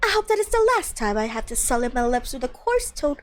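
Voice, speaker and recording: A woman's voice: sits high, very animated, fast, slight background noise. Woman putting on a haughty prim English lady. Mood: disdainful. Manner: condescending, prim and mock-genteel. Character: haughty upper-class English lady witness.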